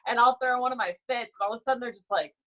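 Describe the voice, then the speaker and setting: A young woman chatting casually as a podcast guest, telling lively work stories and acting out coworkers with loud outbursts. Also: a little high, rapid-fire, low-quality recording. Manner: animated storyteller, acts out coworkers with loud quoted outbursts.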